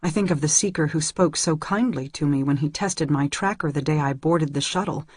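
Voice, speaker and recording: A woman's voice: low voice, brisk, a little mellow, husky, no echo, studio quality. A woman reading a first-person novel aloud in an earnest way that rises when the story grows tense. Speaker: audiobook reader.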